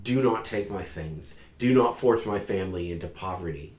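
A man's voice: low voice, normal speed, a little mellow, roomy sound, pitched below the performer's own voice, natural voice. A man voicing a male servant who begs a king urgently to forgive his debt. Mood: begging. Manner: pleading, urgent.

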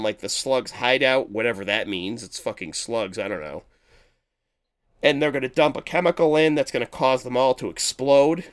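Rambling, animated podcast man. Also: fairly high pitch. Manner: rambling, animated, laughs while retelling scenes. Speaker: podcast co-host. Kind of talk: casual chat, movie recap.

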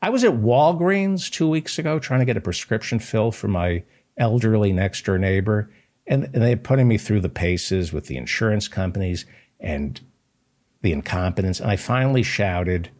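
A man hosting a political commentary show, delivering an impassioned, sarcastic monologue in a husky voice. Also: on the low side, lively intonation, normal speed, darkish tone.

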